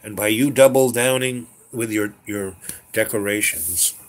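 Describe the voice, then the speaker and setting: Man, lowish voice, casual storytelling, rambling, lots of ums and restarts. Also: measured pace, slight background noise. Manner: rambling, many fillers and restarts.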